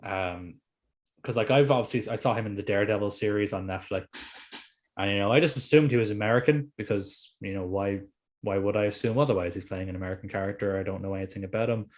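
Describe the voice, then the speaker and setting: A young man co-hosting a film podcast, telling stories in a lively, swearing, casual way. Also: on the low side, fast. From Ireland. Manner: animated, swears freely, tells stories. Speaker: podcast co-host.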